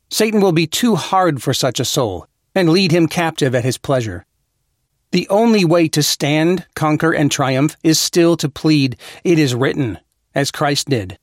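A man's voice: a little high, dry recording, studio quality. Earnest man reading an old sermon. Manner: measured, earnest, formal delivery. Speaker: reader of a devotional text.

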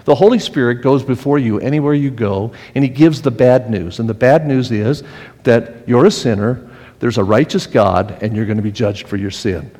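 A man preaching a sermon in an earnest, conversational way, often restarting his sentences. His voice sits at a middling pitch, and it rings with a long reverb in a church hall. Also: moderate pace, a little mellow. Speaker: pastor.

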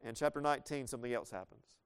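A man preaching a sermon, explaining a Bible story in a conversational way with playful asides and reading scripture slowly. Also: medium pitch, smooth.

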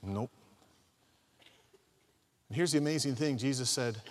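A man preaching a sermon, emphatic, swinging from soft asides to loud acted-out quotes. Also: medium pitch, normal speed, pauses often. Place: large hall. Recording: long hall reverb.

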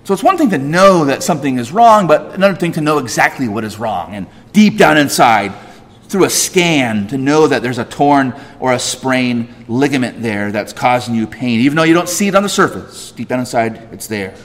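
Animated and at normal speed, a man preaches as pastor, stressing points with sharp jumps in pitch and loudness and a stream of rhetorical questions. The church sanctuary gives the recording a long hall reverb.

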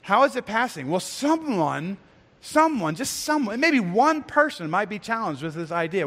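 High-voiced man preaching in an echoey hall. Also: sing-song, moderate pace, a bit bright. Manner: earnest, repeats words and restarts phrases. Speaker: pastor. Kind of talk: sermon. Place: church. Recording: reverberant church sanctuary.

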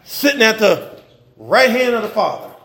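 A male pastor delivering a casual, humorous sermon full of slang, swinging between loud bursts and quiet asides. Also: sits high, very animated, moderate pace, echoey room. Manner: informal preaching with slang and humor, rising and dropping in intensity.

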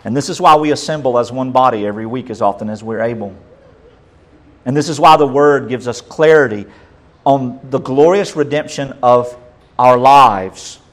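A male pastor, preaching a sermon and swinging between loud and soft. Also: mid-range voice, moderate pace.

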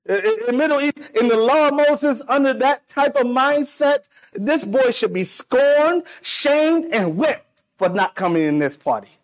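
A man preaching a sermon, animated, swinging between loud declarations and hushed asides, acting out the people in the story. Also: sits high. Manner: acts out quoted voices of people in the story.

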